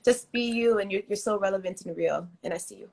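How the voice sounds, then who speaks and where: A woman speaking as a guest singer in a casual livestream interview, soft and affirming with many fillers, talking into a phone she holds in her hand. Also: medium pitch, fast talker, gravelly. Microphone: phone held in hand.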